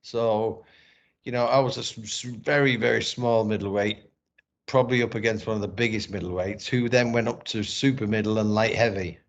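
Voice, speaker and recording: Candid middle-aged man, low voice. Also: fairly even intonation, normal speed. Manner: candid, emotional, frequent swearing and restarts. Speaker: podcast guest, former boxer and actor. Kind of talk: casual storytelling interview. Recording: dull lo-fi sound.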